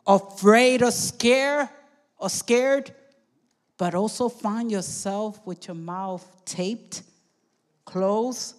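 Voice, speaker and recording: A woman with a high voice preaches a sermon at an unhurried, deliberate pace. She presses her points with fervor, calls out to her congregation again and again, and now and then breaks into a shout. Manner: fervent, calls out "come on" and "amen" to the congregation, sometimes shouting.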